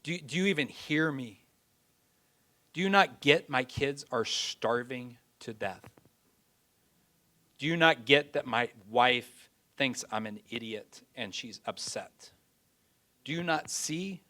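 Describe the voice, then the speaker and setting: A man's voice: mid-range voice, lively intonation, slow pace, long pauses, pushed and bright. Brief: preacher voicing an anguished farmer praying aloud in a sermon, pleading, close to his own voice. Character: desperate struggling farmer, man, praying.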